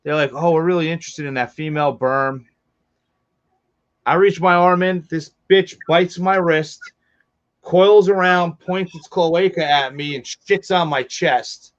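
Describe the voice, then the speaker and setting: Man, casual swearing storyteller, slightly high voice, muffled lo-fi audio. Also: unhurried. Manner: profane, animated storyteller. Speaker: reptile livestream co-host. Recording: dull lo-fi stream audio.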